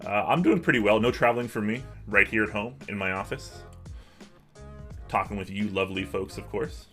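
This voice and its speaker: Soft music plays in the background as a young man livestreams from his home office, chatting casually and responding to viewer messages. His lowish voice comes across pushed and bright, at a moderate pace.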